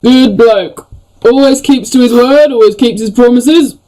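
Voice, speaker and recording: A man's voice: extremely high pitch, a little slow, dark tone, voice pushed up, rough recording. A game master voicing a boastful, chatty male dwarf miner, folksy and repetitive. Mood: friendly boastful. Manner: eager, folksy, repeats himself.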